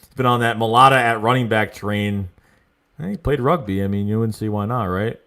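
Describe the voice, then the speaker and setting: Young male livestream host, lowish voice, excitable and emphatic, riffing on viewer chat. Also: brisk. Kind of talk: casual sports livestream, reading viewer chat.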